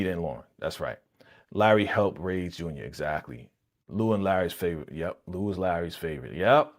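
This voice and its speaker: A low-voiced man riffs loosely and casually as he hosts a live reaction stream. He talks in an animated, slangy way and speaks directly to his viewers in the chat.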